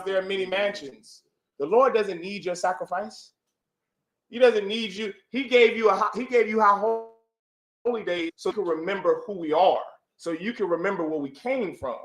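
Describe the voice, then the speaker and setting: A man's voice: high voice, a bit bright. A man teaching a religious class, pressing his listeners with repeated rhetorical questions and calling on them for answers. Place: room with audience. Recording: echoey room.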